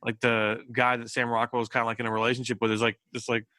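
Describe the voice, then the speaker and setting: A man's voice: medium pitch, completely flat delivery, fast talker, sharp tone, smooth, no echo. A man hosting a podcast in casual chat, rambling with lots of fillers and laughing often. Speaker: podcast host.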